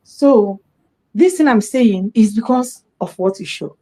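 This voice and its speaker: Animated Nigerian woman telling a story. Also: mid-range voice, unhurried, poor audio. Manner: animated storytelling, acting out dialogue. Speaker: storyteller sharing a personal account. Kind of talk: impassioned personal testimony.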